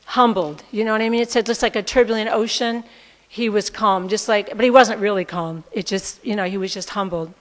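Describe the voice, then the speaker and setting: A woman teaching a scripture class, retelling the story in a chatty, casual way. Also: fairly high pitch. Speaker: spiritual teacher. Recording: reverberant hall.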